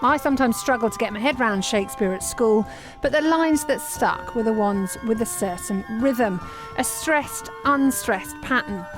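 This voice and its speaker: A woman presenter giving a reflective, measured scripted narration. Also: fairly high pitch, rough recording. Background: music.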